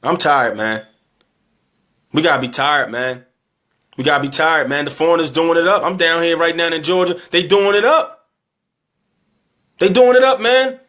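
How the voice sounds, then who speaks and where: A man's voice: on the high side, a bit bright. A tired, emotional man giving an earnest closing appeal to his community, repeating himself and asking pleading questions. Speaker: community speaker appealing for donations. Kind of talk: impassioned closing exhortation.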